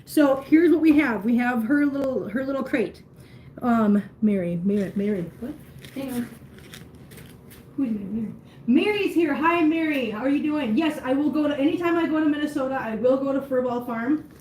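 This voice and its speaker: A woman's voice: high voice, moderate pace, darkish tone. Chatty woman cooing at her cats. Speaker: vlog host. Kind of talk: casual livestream chat. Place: home room with litter boxes. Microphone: phone. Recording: echoey room with faint noise.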